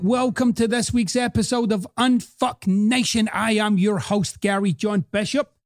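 A middle-aged man from Scotland with a Scottish accent softened by American speech, hosting a podcast in a blunt, profane, emphatic motivational monologue. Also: high voice, steady tone, unhurried, hardly any pauses, faint music behind. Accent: Scottish mixed with American. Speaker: podcast host.

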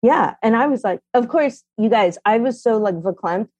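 A middle-aged woman, a mother and parenting columnist, telling a family story candidly with animated, blunt speech and casual swearing. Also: a little high, moderate pace, dry recording. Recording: dull, dry sound.

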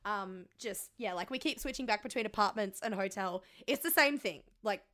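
A woman's voice: mid-range voice, normal speed, fairly bright tone. A woman co-hosting a podcast, telling a story in casual chat, rambling with ums and swearing. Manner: rambling, frequent ums, swearing, self-mocking. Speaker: podcast co-host.

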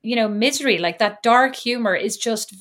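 An Irish woman in her thirties talking casually as a podcast co-host. Her humour is wry and self-deprecating, and she often restarts her sentences mid-thought. She keeps a relaxed conversational pace. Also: on the high side, moderate pace. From Ireland. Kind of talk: casual chat.

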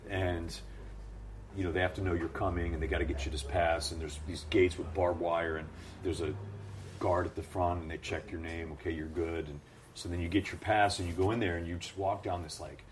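A man who works as a ring announcer, telling stories in a lively, animated way during a casual interview. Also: sits low, a little hiss or hum. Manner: animated storyteller, acts out voices.

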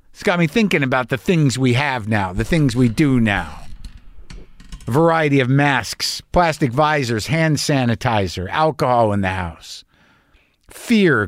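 A man's voice: mid-range voice, no room sound, clean studio sound. Wry, confessional man in his fifties. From New Mexico. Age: 50s. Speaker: podcast host. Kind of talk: casual monologue.

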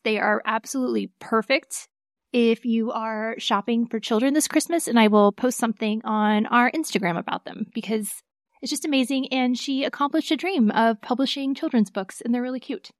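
A woman attorney co-hosting a casual podcast, chatty and quick to laugh at herself, with a faint Southern accent she mostly hides. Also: a little high, no echo, studio quality. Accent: Southern American, mostly hidden. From American South. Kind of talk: casual legal podcast chat.

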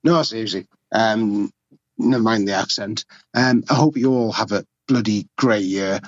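A man's voice: lowish voice, normal speed, no room sound, muffled recording. A man leaving a cheeky, offhand New Year's voicemail greeting. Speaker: voicemail caller.

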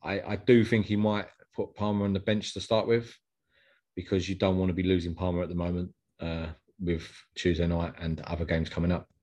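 A man hosting a fan podcast, brisk in casual football chat and steering the talk along. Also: sits low, little pitch movement, a little mellow. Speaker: podcast host.

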